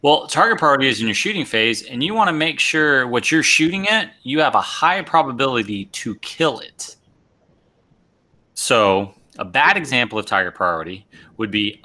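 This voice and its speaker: A man's voice: medium pitch, very animated, moderate pace, sharp tone. A man hosting a casual live show about tabletop wargaming, explaining tactics step by step and often repeating his words.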